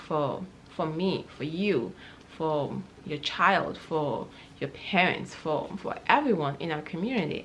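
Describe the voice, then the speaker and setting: Heartfelt woman vlogger, lowish voice. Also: slight background noise. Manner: heartfelt, rambling with many fillers and restarts. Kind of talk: casual personal vlog story.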